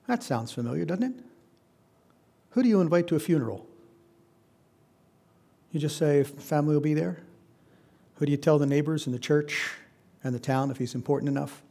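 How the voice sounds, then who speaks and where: A man's voice: on the high side, darkish tone. A man preaching a conversational Bible-teaching sermon, putting questions to his listeners. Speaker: pastor.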